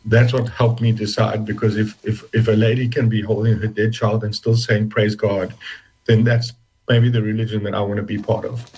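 Male interview guest, low husky voice, halting reflective delivery, emotional. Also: flat delivery, a little mellow, rough recording. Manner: halting, reflective, with many restarts. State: emotional, close to tears. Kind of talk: personal testimony in an interview.

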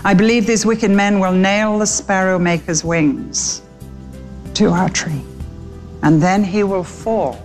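A woman's voice: takes it slowly, soft background music. Woman reading a grave father sparrow. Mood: fearful. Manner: low murmuring solemn tone.

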